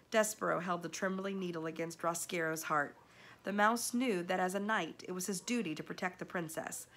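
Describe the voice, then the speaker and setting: Woman reading a storybook aloud. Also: lowish voice. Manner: measured, expressive storytelling. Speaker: storybook reader. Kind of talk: read-aloud chapter book narration.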